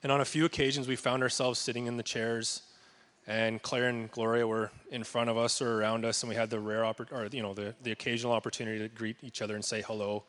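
A man's voice: mid-range voice, flat delivery, fairly bright tone. A man addressing a church congregation to thank a departing pastor, speaking earnestly and reverently and then reading scripture as a blessing. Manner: earnest and reverent, with a few pauses and restarts. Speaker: church member leading a farewell blessing for the pastor. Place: church service before a congregation.

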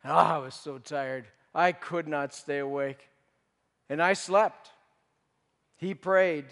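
A man playing the disciple Peter in a dramatic first-person monologue, anguished, swinging between urgent outbursts and hushed confession. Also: on the high side, slow, vocal fry, full character voice. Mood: wistful. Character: remorseful male disciple Peter, grown man haunted by guilt. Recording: long reverb of a large hall.

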